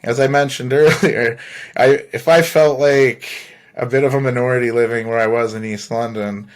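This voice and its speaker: A man's voice: medium pitch, fairly even intonation, moderate pace. A man hosting a podcast, telling a long personal story in a loose, rambling way, swearing freely and laughing between phrases. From Canada. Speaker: podcast host. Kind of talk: casual storytelling monologue.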